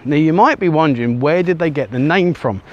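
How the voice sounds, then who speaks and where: A man with a slightly raised pitch chats his way along an outdoor beach, holding the camera himself. His talk wanders, packed with ums and uhs, and he is a little short of breath from walking on the sand. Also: animated, a little fast, dull audio. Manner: rambling, chatty, many ums and uhs. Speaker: travel vlogger. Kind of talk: casual walking vlog to camera. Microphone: handheld camera he turns around.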